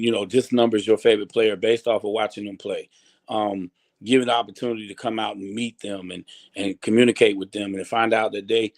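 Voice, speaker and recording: A man, a football coach, answering interview questions casually with frequent ums and restarts. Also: on the low side. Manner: hesitant, many ums and restarts.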